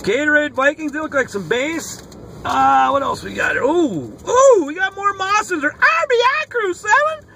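Excitable, foul-mouthed card vlogger, man, bouncy and animated delivery, in a car. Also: extremely high pitch, normal speed, gravelly, a little hiss or hum. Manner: excitable, profane, hollering. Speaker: sports card collector opening mail. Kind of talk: casual card-opening vlog. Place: inside a car. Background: rock music playing faintly.

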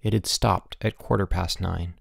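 A man reading a children's novel aloud as an audiobook narrator, steady and clear. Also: sits low, moderate pace. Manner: steady storytelling with voiced dialogue. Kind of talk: scripted narration.

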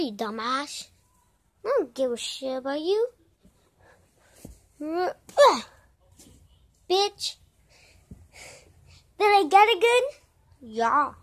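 A woman voicing a bickering group of characters in a homemade story, brash and quick to swear, swinging from yelling to low mutters. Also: sing-song. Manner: brash, swears often, switches between shouting and mumbling. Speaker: voice-over creator.

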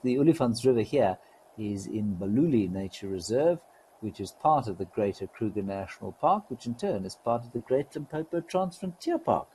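A man hosting a live wildlife stream, talking in a relaxed, gently wry way and greeting viewers. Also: fairly low pitch, a little hiss or hum, low-quality recording.

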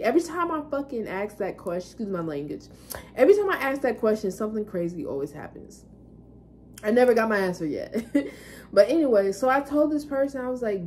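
A woman vlogger rambles candidly through her personal experiences in a casual storytelling monologue, cursing now and then. Her mid-range voice has a darkish tone, with slight hiss or hum in the audio.

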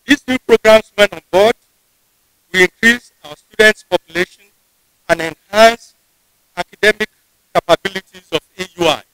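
A man with a Nigerian English accent delivers a formal ceremonial address, pitched high for a man. He speaks in a measured, deliberate way and often restarts a phrase mid-sentence. The sound is dry and close, with little room echo. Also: bright, forceful tone. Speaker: university official giving a convocation address. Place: ceremony venue.

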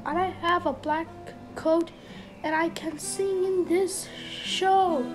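A woman's voice: very high-pitched, steady tone, slow pace, over music, low-quality recording. A woman voicing a cheerful turtle that sings.

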